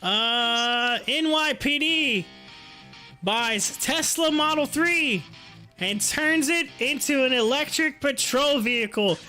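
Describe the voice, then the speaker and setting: A man hosting a casual stock market livestream, chatty and excitable, laughing often as he talks. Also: very high-pitched, slow, soft background music. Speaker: stock market livestream host and youth football coach.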